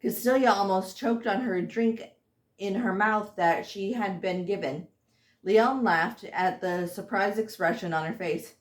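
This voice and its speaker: A woman reading aloud from her own fantasy novel, informally and haltingly, stumbling over words and restarting sentences. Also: mid-range voice, echoey room. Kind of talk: unpolished audiobook reading.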